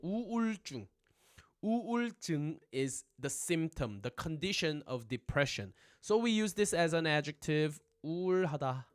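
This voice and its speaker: A young man teaching a casual livestream language lesson, chatty and animated, always checking in with his viewers. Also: a little high, a little fast, clear, resonant tone.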